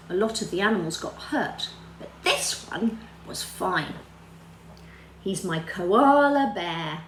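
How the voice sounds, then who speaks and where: A woman leads a story lesson for small children, her voice swooping lively up and down. She talks in an animated, sing-song way and keeps asking her young listeners questions. The recording sounds roomy, with a faint hum underneath. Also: mid-range voice. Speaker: children's religious teacher.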